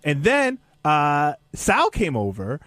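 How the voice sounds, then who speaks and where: Man, radio staffer, enthusiastic storyteller, lively up-and-down voice, dry close mic. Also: slow, no echo. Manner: enthusiastic, swings in pitch while telling a story. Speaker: staff member of a radio show. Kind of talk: casual studio chat.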